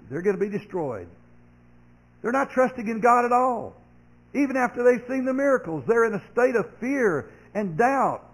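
A man, a pastor, preaching a sermon, earnest, growing loud and sharp when he acts out complaining voices and dropping soft for comfort. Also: high-pitched, slightly rough, rough recording.

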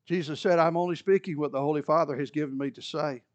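A man preaching a sermon, animated, rising loud for emphasis and dropping low and quiet. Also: quick pace, dry recording, highs cut off.

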